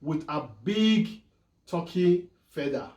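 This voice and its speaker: Loud, animated man vlogging. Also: a little high, slow pace, muffled recording. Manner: loud, animated, repeats "guys" often. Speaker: vlog host. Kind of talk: casual mukbang vlog chat. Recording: echoey room, mic at a distance.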